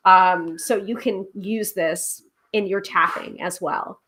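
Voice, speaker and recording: A woman's voice: mid-range voice, fairly even intonation, slow pace, a bit bright, slight background noise. Woman host for a casual home tarot stream, chatty and loose, lots of filler. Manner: chatty, many ums, reads viewer comments and book passages aloud. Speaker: tarot reader and livestream host. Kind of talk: casual livestream chat. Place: home livestream.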